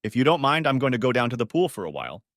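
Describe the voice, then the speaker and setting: A man's voice: mid-range voice, sing-song, very fast, a bit bright, no echo, studio quality. A man reading as an evasive, falsely sweet wife. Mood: sweetly evasive.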